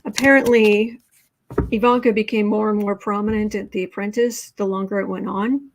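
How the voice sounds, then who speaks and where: Woman, tarot livestream host, casual and chatty, sarcastic asides while reading comments, mid-pitched voice. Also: steady tone, normal speed. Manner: chatty, sarcastic, reads viewer comments aloud.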